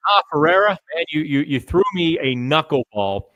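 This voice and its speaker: A middle-aged man hosting a live hockey chat, answering viewer comments in a loose, thinking-out-loud way and stumbling over names now and then. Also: fairly high pitch, very animated, moderate pace, no room sound, muffled recording. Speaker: hockey podcast host.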